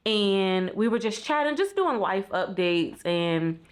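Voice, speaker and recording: A woman records a reflective vlog while sitting in bed in a hotel room, speaking into a small camera. Her voice sits at a middle pitch. She talks in an honest, heartfelt way and leans on frequent "like" fillers. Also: expressive, slow pace. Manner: candid, heartfelt, many "like" fillers. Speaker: vlogger. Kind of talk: casual reflective vlog talk. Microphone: compact vlog camera.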